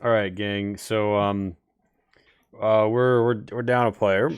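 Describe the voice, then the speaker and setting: A man's voice: on the low side, fairly even intonation, takes it slowly, clean tone. A man running an online tabletop game as game master, hesitant with fillers when talking to the group.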